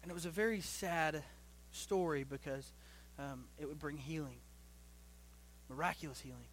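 A young man preaching a sermon to his church as pastor, swinging between loud rising bursts and low quiet stretches, often repeating and restarting phrases. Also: moderate pace, slight background noise.

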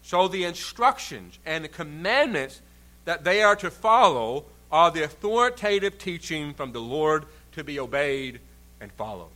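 A man's voice: a little high, animated, measured pace, pushed and bright. A man preaching a sermon in an earnest, emphatic way, stretching out key words for stress. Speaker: pastor.

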